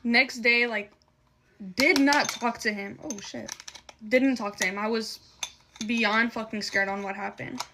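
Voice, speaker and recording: Young woman doing a storytime while putting on makeup, kinda high voice, emotional, says like a ton and swears. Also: fairly even intonation, a little slow, background noise. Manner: emotional, heavy swearing and filler "like".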